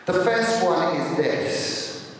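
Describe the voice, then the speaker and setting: A man preaching a sermon, retelling a Bible story with animated shifts as he voices the characters. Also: high-pitched, very slow. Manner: storytelling, acting out biblical characters with lively shifts. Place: church hall. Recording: echoey hall from far off.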